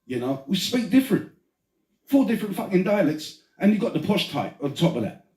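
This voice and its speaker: A man's voice: high voice, very animated, brisk, dark tone. A London man hosting a podcast, chatting casually with swearing and laughing banter. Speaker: podcast host. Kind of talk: casual chat. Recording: roomy, mic at a distance.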